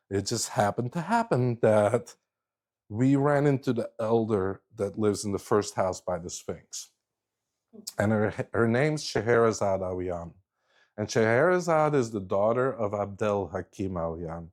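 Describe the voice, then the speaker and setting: A man's voice: on the low side, expressive, unhurried, a little mellow. A middle-aged man telling a story in a casual, rambling way, often restarting his sentences. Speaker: guest speaker.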